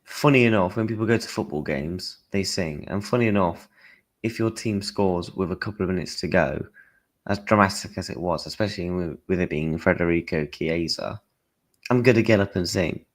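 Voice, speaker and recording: A man's voice: deep voice, moderate pace. A young man chatting casually on a football livestream, telling stories animatedly in blunt slang with mild swearing. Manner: animated storytelling, acting out his own and others' lines.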